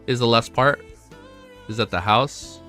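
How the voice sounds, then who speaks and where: A young man chatting casually on a live stream, excitable and swearing often, swinging from quiet gratitude to loud excitement. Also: medium pitch, measured pace. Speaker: livestreamer. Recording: faint music behind.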